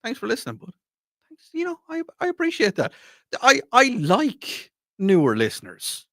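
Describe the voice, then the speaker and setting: A man's voice: very high-pitched, normal speed, no echo, clean studio sound. A middle-aged Irish man hosting a casual radio talk show, rambling and restarting his sentences. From Ireland. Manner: rambling, animated, frequent restarts. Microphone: studio microphone.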